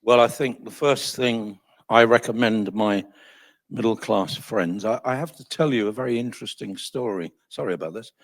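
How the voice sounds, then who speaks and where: Husky man in his seventies telling stories. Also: fairly low pitch, moderate pace. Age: 70s. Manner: chatty, self-deprecating, animated. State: voice failing, coughing. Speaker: guest speaker. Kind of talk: anecdotal storytelling at a talk.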